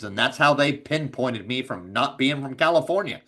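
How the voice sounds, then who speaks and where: A man's voice: mid-range voice, animated, normal speed, few pauses, fairly bright tone. A man with a Texas accent, a guest on a casual podcast, telling laid-back stories and swearing freely. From Texas, USA. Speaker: insurance agency owner, guest.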